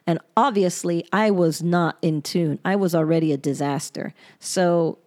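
Candid, lower-pitched woman podcaster. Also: a little slow, a little mellow. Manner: candid and reflective, with blunt swearing. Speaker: podcast host. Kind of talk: personal podcast monologue, reading her old journal aloud.

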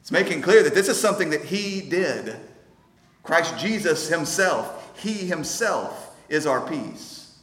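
A man's voice: fairly high pitch, animated, fairly bright tone. Pastor guy preaching, earnest and emphatic, big echoey church sound. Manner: earnest, emphatic preaching with slow stressed phrases. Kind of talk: sermon. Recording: roomy hall with long reverb.

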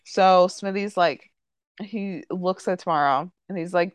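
A woman's voice: on the low side, unhurried, clean tone, no room sound. A woman hosting a casual podcast chat, recapping a TV episode and peppering her talk with "like" and "um". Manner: chatty, full of "like" and "um" fillers. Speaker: podcast host.

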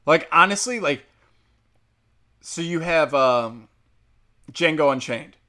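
A man's voice: a little high, animated, slow pace, sharp tone. A young man hosting a casual, heated commentary, sarcastic and profane, with lots of fillers. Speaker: commentary host.

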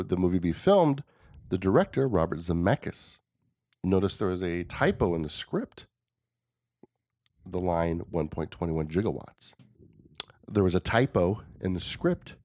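Man in his thirties, podcast host, very low voice, dry close sound, chatty storyteller. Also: dark tone, no room sound. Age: 30s. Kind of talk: casual chat.

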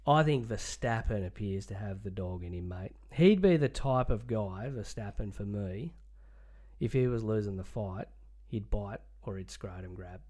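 Aussie bloke, sports podcast co-host, animated and jokey, casual banter. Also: male voice, lowish voice, normal speed. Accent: Australian. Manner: animated, jokey, lots of mate.

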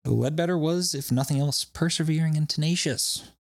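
Slightly high, creaky, and edged with breath, this man's voice moves at a moderate pace as he hosts a podcast. He tells loose, laughing stories packed with swearing in casual chat, recorded in studio quality without echo.

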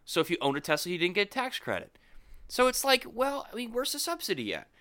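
A man co-hosting a podcast, ranting in an animated way during casual chat. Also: high-pitched, quick pace, no room sound. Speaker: podcast co-host.

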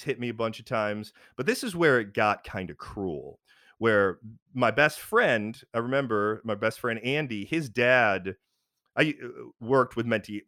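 A man's voice: medium pitch, bright, forceful tone, dry recording, studio quality. A man telling a personal story in casual chat, frank and rambling with many fillers and restarts.

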